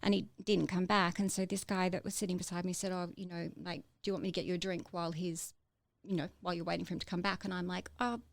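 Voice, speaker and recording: A woman telling her own story in a podcast interview, halting, with many fillers and restarts. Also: fairly low pitch, level tone, creaky, no echo. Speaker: interview guest.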